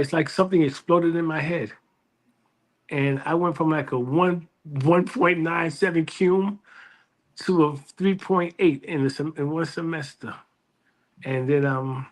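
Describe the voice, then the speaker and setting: A man, a librarian telling his life story as an interview guest, with frequent restarts and acted-out quotes. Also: a little high. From New York City. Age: 60s. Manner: lively storyteller who restarts phrases and acts out quoted voices.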